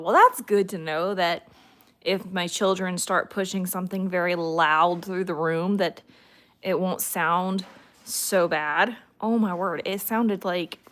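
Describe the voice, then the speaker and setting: Lady hanging out on a home stream, unhurried, sweet-talking her dogs. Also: mid-range voice, fairly bright tone. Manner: chatty, talks fondly to her dogs. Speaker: livestream host. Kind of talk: casual livestream chat.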